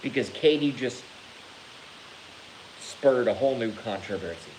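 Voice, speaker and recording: A man vlogging to his channel in a casual rant, animated and theatrical, swearing freely. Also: mid-range voice, a little slow, a little hiss or hum, poor audio. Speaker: YouTube vlogger.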